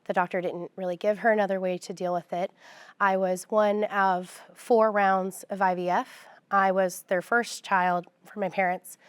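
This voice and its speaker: Young woman advocate telling her story, smooth clear voice, dry close sound, calm and steady. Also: mid-range voice, moderate pace, dry recording. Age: young adult. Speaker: guest, pro-life advocate. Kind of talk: personal testimony in a sit-down conversation.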